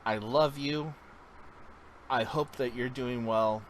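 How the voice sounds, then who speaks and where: A man's voice: mid-range voice, slow pace, a little hiss or hum, poor audio. Earnest, encouraging male vlogger. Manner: earnest, encouraging, rambling tangents. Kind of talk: casual check-in monologue.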